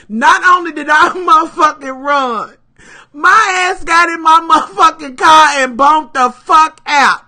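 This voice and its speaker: Woman, bright ringing tone, casual profane storytelling, animated. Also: high voice, unhurried. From Kentucky, USA. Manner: profane, animated, addresses viewers as "y'all" and "babies". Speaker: live streamer.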